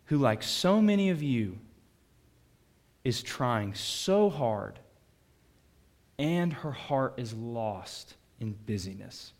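A man preaching a sermon to his congregation in a conversational way, asking them questions and swinging between loud bursts and quiet asides. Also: mid-range voice. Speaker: pastor.

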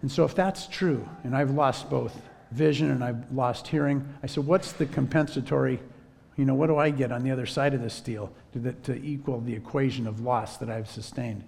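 A man preaching a sermon as a story, in a relaxed conversational way. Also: mid-range voice, normal speed, vocal fry, in a large hall. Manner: conversational, drops to a whisper when quoting himself.

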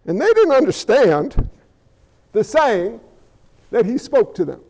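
Male pastor, sermon, high voice, lively, joking asides, long hall reverb. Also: slow, dull audio. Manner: animated, conversational, jokey asides.

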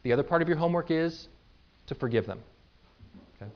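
A man's voice: fairly high pitch, lively intonation, fast talker. Conversational pastor, a man preaching. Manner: conversational, checks in with "right?" and "okay?". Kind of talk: sermon. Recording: dull lo-fi recording.

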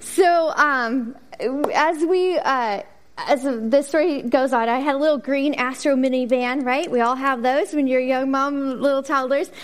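A middle-aged woman addresses a congregation in an animated storytelling sermon. Her voice sits high, and she acts out the people in her story before moving into prayer. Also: a little slow. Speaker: women's ministry speaker. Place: church service.

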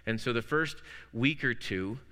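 A man's voice: medium pitch, animated, measured pace, sharp tone. A man preaching a sermon as pastor, telling classroom anecdotes with playful wordplay. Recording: long hall reverb.

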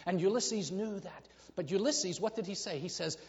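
A man preaching a sermon to his congregation, telling a story with animated delivery and acting out the voices in it. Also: high voice, normal speed, few pauses. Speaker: pastor. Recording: reverberant hall, dull lo-fi sound.

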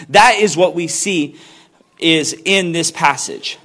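A man preaching a sermon in a church, mixing casual chat full of ums with slow, emphatic scripture reading. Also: fairly high pitch, fairly bright tone. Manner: conversational preaching with frequent ums. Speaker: pastor.

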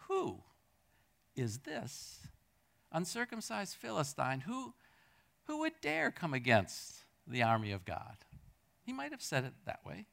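A man preaching a sermon as pastor, swinging from loud bursts to hushed asides and acting out quotes. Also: on the high side, gravelly. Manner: acts out quotes and jokes with the congregation.

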